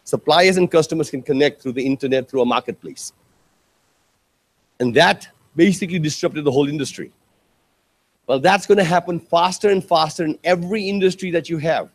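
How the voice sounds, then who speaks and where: A man giving a conference keynote, telling stories with lively, acted-out quotes and asking the audience questions. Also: a little fast. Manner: animated storytelling, acts out quotes with big pitch jumps; addresses audience directly, rhetorical questions. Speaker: keynote speaker. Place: conference hall.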